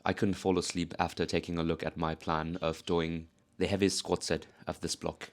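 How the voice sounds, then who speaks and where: A powerlifter narrating his training vlog in an earnest, measured voice-over. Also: deep voice, level tone.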